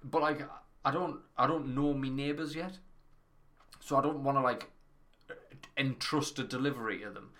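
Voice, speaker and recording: A man, co-hosting a podcast and telling an animated, sweary anecdote in casual chat. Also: mid-range voice, moderate pace. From Northern England. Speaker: podcast co-host.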